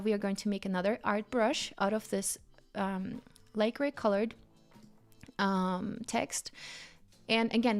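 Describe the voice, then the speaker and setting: A woman hosting a live design tutorial, bubbly and enthusiastic, a bit out of breath from excitement. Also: mid-range voice. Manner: bubbly and enthusiastic, frequent exclamations. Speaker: livestream design instructor.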